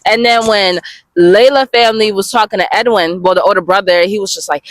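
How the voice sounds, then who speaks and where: A woman reviewing comics in a loose, chatty reaction style, swearing freely and calling her viewers y'all. Her voice sits at an ordinary middle pitch for a woman, and the sound is dry and close with no room around it. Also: fairly quick, no room sound. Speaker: webcomic reviewer.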